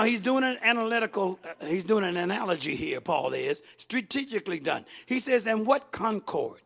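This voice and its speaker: A man preaching a sermon, calling out to the congregation and rising from quiet talk to sing-song shouting. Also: high-pitched, animated, moderate pace, vocal fry, few pauses. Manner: call-and-response with congregation.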